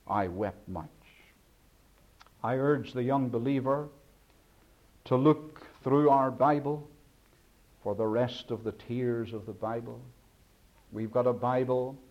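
Dynamic male preacher, lo-fi recording. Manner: rising to emphatic peaks, then dropping to hushed low endings. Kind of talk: sermon. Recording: dull lo-fi sermon recording.

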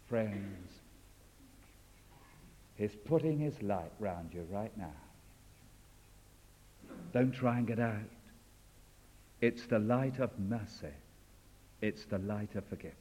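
A man preaching a sermon with fervent delivery, swinging from loud declarations to hushed, intimate lines. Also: fairly low pitch, slow pace, long pauses. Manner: fervent, rising and falling dramatically. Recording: dull sound in a long reverberant hall.

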